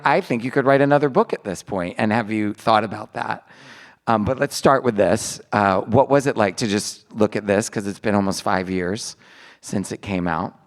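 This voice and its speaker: A male interviewer speaks at a mid pitch before a live crowd. He keeps the talk playful, joking and tossing in quick asides between questions. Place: live event before an audience.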